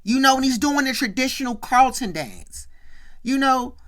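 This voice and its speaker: A woman's voice: high-pitched, lively intonation, normal speed, a bit bright. A woman hosting a show, casually recapping a sitcom episode, quoting the characters and filling her talk with "you know" and "right". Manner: retells scenes by quoting the characters' lines.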